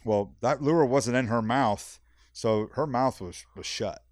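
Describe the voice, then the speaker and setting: A man, a fishing guide, telling a long story on a podcast in a rambling, animated way, full of fillers and repeats. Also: mid-range voice, a little slow, dry recording, clean studio sound. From South Texas. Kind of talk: casual storytelling.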